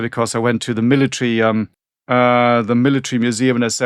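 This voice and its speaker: Recorded at studio quality with no echo, this man speaks fast in a level, clean, medium-pitched voice. A native German speaker from northern Germany, he co-hosts a podcast, chatting about history in a rambling style full of restarts and asides.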